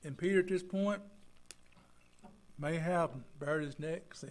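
A man's voice: fairly high pitch, slow, pauses often. A man preaching a folksy sermon as pastor, acting out the people he quotes. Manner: folksy, acts out quoted voices.

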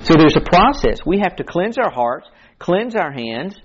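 A man's voice: fairly high pitch, animated, normal speed, muffled recording, slight background noise. A man preaching a sermon in an earnest, conversational way, quoting scripture as he goes.

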